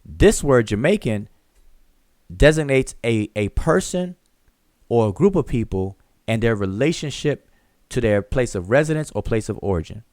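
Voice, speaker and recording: A man's voice: medium pitch, expressive, moderate pace, a little mellow, no echo. Emphatic man explaining, dry close sound. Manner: emphatic, repeats points to drive them home; explains step by step with examples. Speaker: teacher and channel host. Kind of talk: live open discussion.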